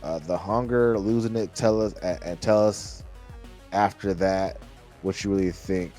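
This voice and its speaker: A man's voice: low-pitched, fairly even intonation, a little slow, dark tone. A man hosting a casual music reaction, chatty and loose, talking straight to his viewers with lots of restarts. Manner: loose and chatty, with many restarts and hype phrases.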